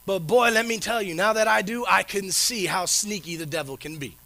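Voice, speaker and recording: A young man preaches in a loose, conversational way, spinning a personal story and checking in with "right?" again and again. His voice sits very high for a man, with a bright, forceful edge. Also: a little fast, creaky. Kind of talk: sermon with personal stories.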